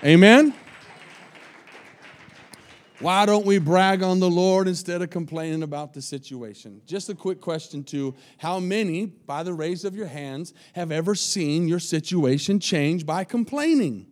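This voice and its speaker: A man preaching a sermon as pastor, reading scripture aloud and repeating phrases, swinging between quiet and loud. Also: high voice, moderate pace, hardly any pauses.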